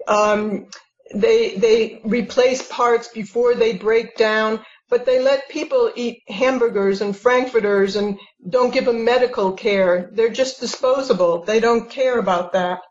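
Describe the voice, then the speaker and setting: Woman, interviewee, slow, plain-spoken, echoey, lo-fi. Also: fairly high pitch, steady tone, darkish tone. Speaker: interviewee, partner. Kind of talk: conversational interview. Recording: echoey dull lo-fi sound.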